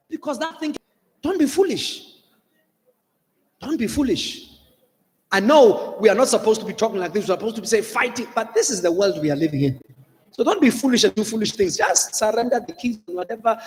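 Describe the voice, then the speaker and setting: A South African man preaching from the pulpit, his voice sitting high for a man. He presses his points with earnest repetition and drops Xhosa words between English lines. The sound rings with the long reverb of a church hall. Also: lively intonation, fairly quick, darkish tone. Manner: earnest, repetitive pleading, mixing in Xhosa phrases. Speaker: pastor. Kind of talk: sermon.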